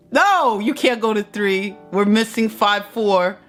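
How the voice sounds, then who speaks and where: Slow-talking, gushing motivational woman host. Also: mid-range voice, soft background music. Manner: effusive, affectionate, repeats herself, giggles often; excitable, shrieks during countdowns. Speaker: motivational speaker and channel host. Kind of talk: live-stream motivational talk, chatting with viewers.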